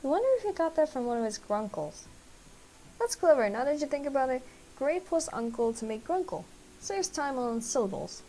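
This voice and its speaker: A woman streamer who reads a dating game aloud quickly, a bit out of breath and poking fun at herself. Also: high voice, very animated, warm tone, low-quality recording. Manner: fast, self-mocking reading. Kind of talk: game dialogue read-along.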